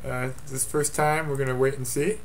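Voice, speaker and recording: A man talks offhand into a computer webcam at home, running his fantasy league's weekly update in a rambling, jokey way. His voice sits at an ordinary middle pitch, with a faint hiss of noise under it. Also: little pitch movement, moderate pace. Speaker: fantasy football league commissioner.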